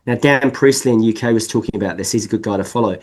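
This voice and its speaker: A man from England with an accent mixed with New Zealand, speaking as a guest in a podcast interview and explaining at length in an animated, emphatic way. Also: lowish voice, fast talker. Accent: mixed English and New Zealand. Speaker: sales consultant guest.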